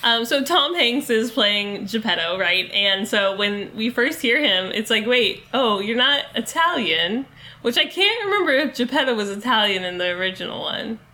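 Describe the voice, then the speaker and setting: A woman's voice: on the high side, lively intonation, moderate pace, few pauses, pushed and bright. A young woman co-hosting a podcast, chatting casually about a movie with lots of fillers and laughs. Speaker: podcast co-host.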